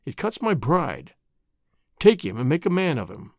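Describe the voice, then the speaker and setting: A man voicing a stern, proud gray-haired father who speaks low in a shaken, muttering way. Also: very animated, moderate pace, no room sound, clean studio sound.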